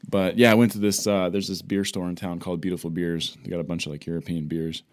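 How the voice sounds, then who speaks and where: Man, very low pitch, podcast co-host, playful, teasing, casual chat. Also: level tone, fast.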